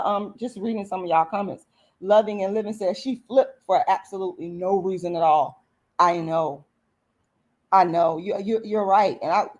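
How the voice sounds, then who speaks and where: A woman's voice: mid-range voice, a little mellow. Woman, slight lisp, strained throat, casual livestream commentary, earnest, repeats herself. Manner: earnest, repetitive, addresses viewers as y'all. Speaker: commentary vlogger.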